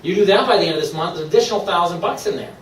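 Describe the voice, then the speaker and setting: A man from Maine giving an upbeat, persuasive sales pitch to a live room, laughing often. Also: rapid-fire, roomy sound, distant mic, slight background noise, poor audio. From Maine, USA. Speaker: presenter at a sales meeting. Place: meeting room.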